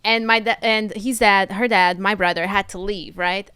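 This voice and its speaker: A woman with a Portuguese accent, a native Portuguese speaker, guesting on a podcast and telling stories in an animated, candid way with crude humor. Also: medium pitch, normal speed, smooth, no echo. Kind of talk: casual storytelling chat.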